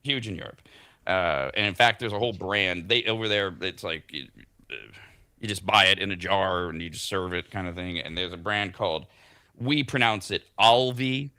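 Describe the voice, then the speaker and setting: A man's voice: low-pitched, normal speed, sharp tone, smooth, dry recording, studio quality. A man hosting a morning talk show, chatting and joking while reading out food news. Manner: chatty, jokey, reads product news aloud. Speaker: parent. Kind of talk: casual morning radio banter.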